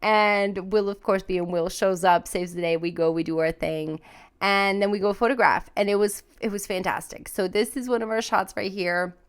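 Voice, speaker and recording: A woman hosting a podcast, telling a personal story in a casual, animated way, full of fillers and restarts. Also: normal speed, smooth. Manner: acts out her own panicked voice in high pitch. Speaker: podcast host.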